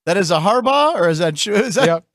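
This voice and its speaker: A male show host talks sports in loose, joking banter, breaking into laughs as he goes. His voice sits high for a man and sounds dry, with no room around it. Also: sing-song, normal speed, a bit bright, no echo. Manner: chatty, jokey, laughs often.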